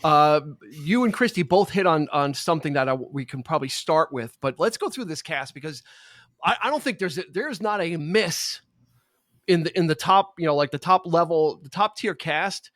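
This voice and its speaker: A man hosts a casual podcast chat with a notably high voice. His delivery is laid-back and chuckling, and the sound is close and dry. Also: animated, moderate pace, fairly bright tone, dry recording. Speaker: podcast host.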